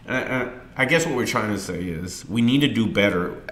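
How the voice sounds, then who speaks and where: A middle-aged man hosting a podcast, telling a candid personal story earnestly and with emotion, getting loud and animated as he tells it. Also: lowish voice, a little fast, slight background noise. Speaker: podcast host.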